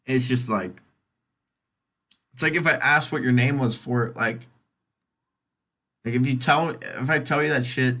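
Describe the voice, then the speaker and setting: A young Californian man hosts a casual solo podcast, rambling, swearing freely and drifting from one tangent to the next. His mid-range voice has a sharp tone, moves at a measured pace, and pauses often.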